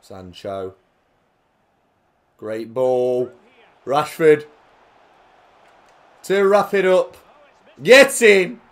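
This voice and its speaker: A young man giving jokey live commentary on a football video game, dropping to quiet play-by-play and then bursting out loudly. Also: medium pitch, drawn-out words, long pauses. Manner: jokey, swings between quiet play-by-play and loud excited outbursts. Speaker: gaming commentator.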